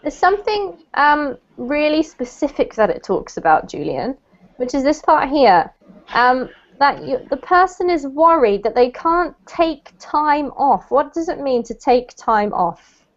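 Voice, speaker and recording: A woman's voice: high voice, sing-song, measured pace, muffled recording. A woman teaching an online English class, explaining words patiently and correcting pronunciation.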